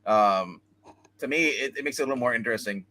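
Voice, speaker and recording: A man hosting a casual comic book chat, retelling stories in a rambling, animated way. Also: medium pitch, fast talker. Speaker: comic book show host.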